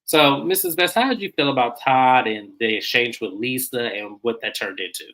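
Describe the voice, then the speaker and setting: A man's voice: medium pitch, normal speed, fairly bright tone, low-quality recording. A man hosting a casual live-stream recap of a reality show, chatty and colloquial, greeting viewers by name.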